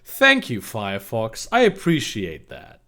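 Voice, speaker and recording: A man's voice: fairly low pitch, huge pitch swings, measured pace, pushed and bright. A man doing a mocking comedic reading of fan fiction, breaking off for sarcastic, incredulous asides. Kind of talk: mocking dramatic reading with commentary.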